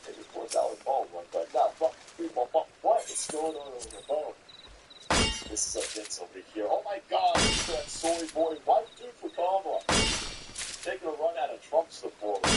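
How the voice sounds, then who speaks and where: Sarcastic man, high animated voice. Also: moderate pace, noisy background. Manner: sarcastic, mocking, rambling. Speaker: commentator reacting to videos. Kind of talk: casual reaction commentary.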